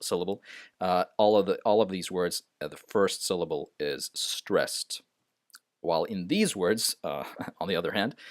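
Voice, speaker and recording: A man's voice: on the low side, dry recording, studio quality. A man teaching a lesson off the cuff, hesitant, with many fillers and restarts. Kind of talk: unscripted screen-share lesson.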